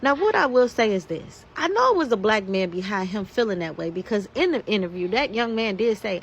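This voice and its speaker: A woman's voice: a little high, lively intonation, moderate pace, creaky, a bit bright, a little hiss or hum. A woman, delivering an angry, profane rant to her followers. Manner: heated, profane, emphatic. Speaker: social media commentator. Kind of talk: angry ranting monologue.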